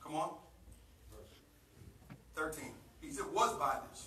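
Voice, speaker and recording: An American man preaching a sermon as pastor, calling on a reader and building up to shouting. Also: a little high, slow pace, a little hiss or hum. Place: church sanctuary. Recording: roomy live church recording from a distance.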